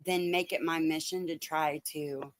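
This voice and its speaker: A woman's voice: low-pitched, fairly even intonation, measured pace, no echo. A woman hosting a livestream, giving blunt, profane commentary on clips. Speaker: streamer host.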